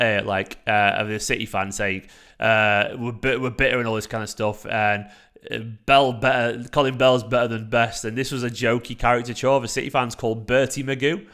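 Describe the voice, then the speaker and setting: Casting: young man, livestream host, animated, loose, swears freely, mid-pitched. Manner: animated, chatty, swearing, frequent fillers and restarts. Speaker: fan channel host reading live chat. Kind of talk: casual livestream chat.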